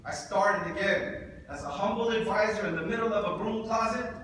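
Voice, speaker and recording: A man's voice: high voice, moderate pace, a bit bright. A Pacific Islander man giving a jokey, preacher-like public speech to an audience, calling out to the crowd. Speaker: speaker at community event. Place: large indoor hall with audience. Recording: echoey hall, distant from mic, noisy.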